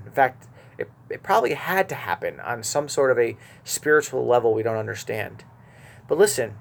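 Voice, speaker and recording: A man preaching a verse-by-verse Bible teaching, earnest, moving between quiet asides and emphatic, stressed lines. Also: mid-range voice, animated, normal speed, slight background noise.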